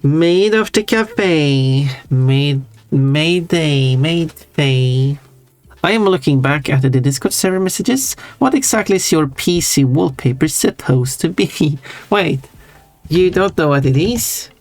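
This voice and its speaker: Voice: mid-range voice, unhurried, a little mellow. A streamer chatting casually while drawing, rambling with frequent stammers and restarts while answering chat messages. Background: faint background music.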